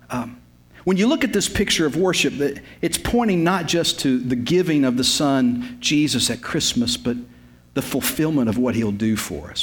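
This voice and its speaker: Folksy preacher in his fifties. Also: mid-range voice. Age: 50s. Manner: emphatic, repetitive storytelling with folksy humor. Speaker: pastor. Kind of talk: sermon.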